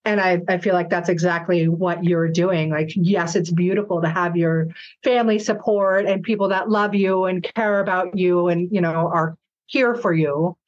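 A woman hosting an interview, chatty and affirming, quick to laugh along with her guest. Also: lowish voice, steady tone. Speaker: podcast host. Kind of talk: conversational interview. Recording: dull lo-fi sound.

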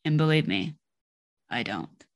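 A woman's voice: low-pitched, expressive, measured pace, no echo, dull audio. A middle-aged woman hosting her own podcast, telling a personal story in a blunt, candid way and swearing freely. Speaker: podcast host. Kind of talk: personal monologue.

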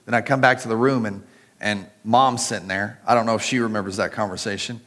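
With a lower-leaning, steady, somewhat bright voice, a middle-aged pastor delivers his sermon fast. His style is conversational, built around a personal story told directly to his listeners.

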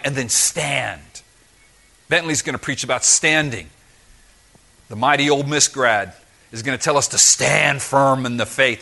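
A man preaching a sermon as pastor, lively and emphatic with touches of humor. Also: fairly high pitch.

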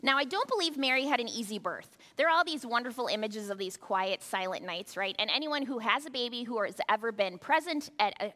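Bright-voiced woman preaching in a hall. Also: on the high side. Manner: conversational, with rhetorical asides. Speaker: pastor. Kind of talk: sermon. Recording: long hall reverb.

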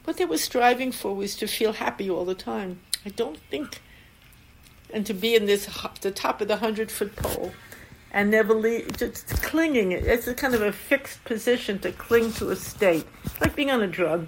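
A woman's voice: medium pitch, moderate pace. Older female Zen teacher, storytelling dharma talk, laughs easily; slight room noise. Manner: warm storytelling, laughs often.

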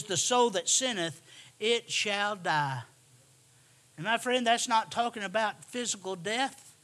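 A man preaching a sermon, emphatic and repetitive, swinging from hushed asides to shouted lines. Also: sits high.

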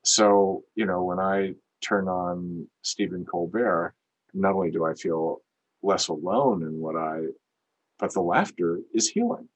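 A man's voice: low-pitched, steady tone, measured pace, poor audio. A man co-hosting a podcast, telling a story in an earnest, reflective way. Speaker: podcast co-host. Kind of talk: casual conversation.

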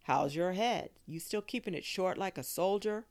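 A woman's voice: on the low side, moderate pace, a little mellow, pitched above the performer's own voice, close to an everyday voice. A woman doing a teasing, friendly uncle. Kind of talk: audiobook reading.

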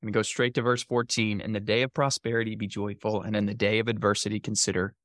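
Low-voiced man reading scripture. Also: little pitch movement, fast, a bit bright, dry recording, studio quality. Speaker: podcast co-host. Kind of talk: casual chat and scripture reading.

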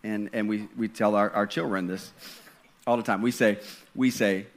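A man's voice: lowish voice, steady tone, normal speed. A man preaching a sermon in a conversational style, stumbling and restarting, then building to fervent passages. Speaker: pastor.

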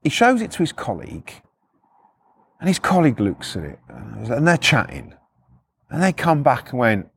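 A man's voice: huge pitch swings, normal speed, creaky, pauses often, a bit bright, breathy edge, no echo, clean studio sound. A middle-aged man, telling stories in a blunt, swearing manner and acting out the quotes. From United Kingdom. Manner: blunt, swearing, acts out quotes with shifts in pitch. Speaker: podcast storyteller. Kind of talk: casual first-person storytelling.

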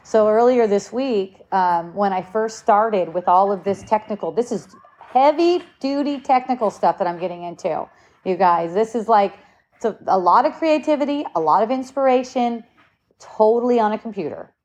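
A woman's voice: mid-range voice, lively intonation, moderate pace, darkish tone. A woman in her late forties telling a personal story in casual conversation, candid, laughing often and swearing freely. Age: 40s. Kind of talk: casual chat.

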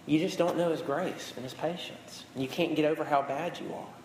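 A pastor in his thirties delivers a sermon in a slightly high, brisk, somewhat mellow voice, speaking casually to the congregation and repeating words for emphasis. His voice echoes with long reverb through a large hall, with a faint hum in the background.

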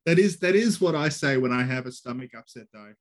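A man co-hosting a podcast, chatting casually and reacting quickly with frequent laughter. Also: medium pitch, animated. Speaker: podcast co-host. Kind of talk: casual chat.

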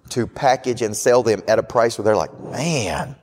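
A man hosting a live business show as a coach, giving a brash, fast-talking motivational pitch. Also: expressive. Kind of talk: live podcast talk. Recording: hall reverb.

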